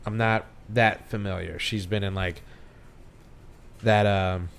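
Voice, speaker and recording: A man's voice: on the low side, steady tone, takes it slowly, gravelly, a bit bright, slight background noise. A young man co-hosting a casual movie podcast, rambling with frequent restarts and easy laughter. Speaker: podcast co-host. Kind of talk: casual movie review chat.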